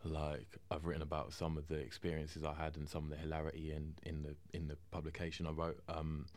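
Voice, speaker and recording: A man's voice: very deep voice, completely flat delivery, quick pace. A man who is a guest on a radio show, talking casually and searching for words, with fillers. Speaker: guest, author and former inmate. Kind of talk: radio interview.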